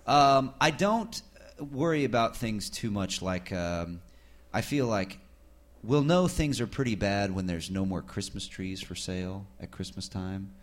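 A man's voice: on the low side, lively intonation, measured pace. A man being interviewed as a guest musician, modest and hesitant, often restarting his sentences. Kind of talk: casual interview.

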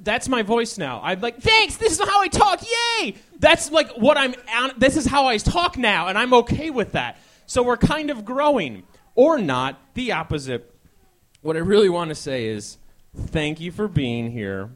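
A man in his twenties hosting a live talk show on stage, rambling, self-mocking and excitable. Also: high voice, normal speed. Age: 20s. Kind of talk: live stand-up style talk show chat. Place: ballroom stage before a live audience.

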